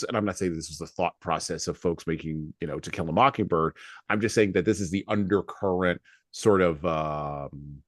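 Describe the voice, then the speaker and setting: A man hosting a podcast speaks in a fairly low voice, with a close, dry sound and no room in it. He is animated in discussion and often slips into quick acted-out voices to make his point. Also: no echo. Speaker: podcast host.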